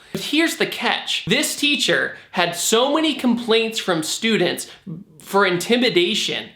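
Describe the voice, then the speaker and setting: A young man telling a storytime vlog, animated and acting out the people in it. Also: sits high. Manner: animated, acts out quotes. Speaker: vlogger. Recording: echoey room.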